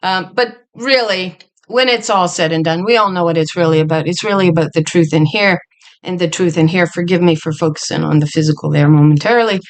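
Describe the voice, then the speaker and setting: A woman's voice: fairly low pitch, a little fast. A woman in her fifties giving a casual, rambling bible study from a chair at home, wandering into chatty asides. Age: 50s.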